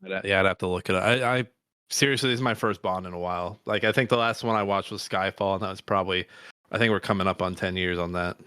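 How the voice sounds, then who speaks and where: A man co-hosting a podcast in casual chat, wry and quick to laugh at his own jokes. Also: low voice, pushed and bright, clear, resonant tone, no room sound, studio quality. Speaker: podcast co-host.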